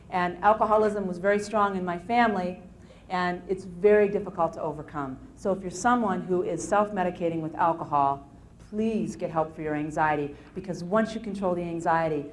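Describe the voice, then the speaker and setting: A woman lecturing on anxiety at a live seminar, telling case stories in an animated way with frequent restarts. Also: on the low side, normal speed, slight background noise. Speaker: anxiety self-help lecturer. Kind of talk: live motivational seminar talk.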